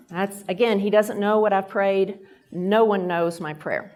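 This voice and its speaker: This guest speaker's voice is medium in pitch, a little mellow, with fairly even intonation and normal speed. A middle-aged Texan woman with a Texan accent, she tells stories at a lunch event during a faith-based leadership talk, voicing the quoted characters.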